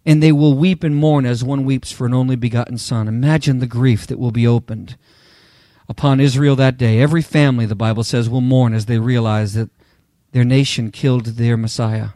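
A man's voice: mid-range voice, fairly even intonation, brisk, dark tone, dry recording, clean studio sound. A man preaching a sermon with emphatic delivery, talking straight to the congregation. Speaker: pastor.

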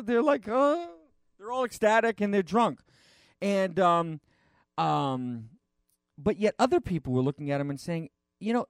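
Chatty, animated male preacher. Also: sits high, no echo, clean studio sound. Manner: rambling, chatty, frequent restarts and fillers. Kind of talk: conversational sermon.

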